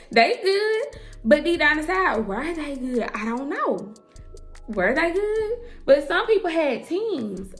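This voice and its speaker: A young woman with a slightly high voice and gravelly fry tells her story to the camera. She is blunt and emphatic, swears freely, and calls her listeners girl and y'all. Faint music plays underneath. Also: very animated, measured pace, fairly bright tone. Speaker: hairstylist and entrepreneur.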